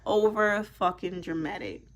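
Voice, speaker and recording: A young woman vlogger telling a personal story straight to camera. She speaks in an animated, emphatic way, swearing freely and leaning on "like" throughout. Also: mid-range voice, a little slow. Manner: animated, profane, emphatic, heavy use of "like". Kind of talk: casual storytime monologue.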